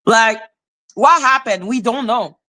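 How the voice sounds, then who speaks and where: A former teacher turned livestream host, this woman talks bluntly and swears without pause. Her voice sits a little high and rings bright and sharp. It is casual, animated commentary delivered straight to her audience. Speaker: live commentary channel host.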